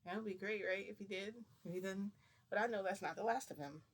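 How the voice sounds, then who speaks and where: A man's voice: high voice, quick pace, a bit bright. A man casually retelling a personal story to the camera, rambling and acting out dialogue with "I'm like" and "he goes". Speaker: vlogger.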